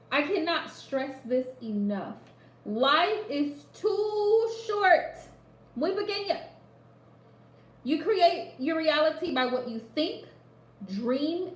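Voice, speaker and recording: A woman giving a live psychic reading, speaking straight to the listener and repeating phrases for emphasis. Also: high-pitched. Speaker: psychic reader. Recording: echoey room.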